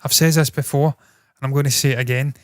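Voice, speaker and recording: Guy doing entertainment news, blunt and sweary, mid pitch, dry close sound. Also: steady tone, brisk, no echo. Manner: blunt, swears freely, thinks aloud with restarts. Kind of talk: casual opinionated commentary.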